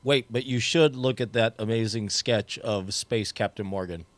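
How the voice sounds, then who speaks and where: A man's voice: fairly low pitch, moderate pace, dry recording. Stream host, man, chatty and joking, eats while he talks, dry close sound. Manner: chatty, joking, talking with his mouth full. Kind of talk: casual chat.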